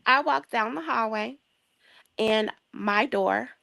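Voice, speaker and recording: A young adult woman from the Chicago area, a guest telling a long story in a casual chat, lively and acting out the voices of the people in it. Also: fairly high pitch, slow pace, gravelly. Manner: lively, acts out quoted voices, laughs often.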